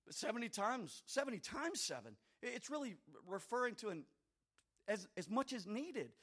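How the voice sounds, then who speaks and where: A man preaching a sermon, swinging between shouted fervor and quiet, folksy asides to his listeners. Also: sits high, sing-song, normal speed, slightly rough. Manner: addresses listeners directly, folksy.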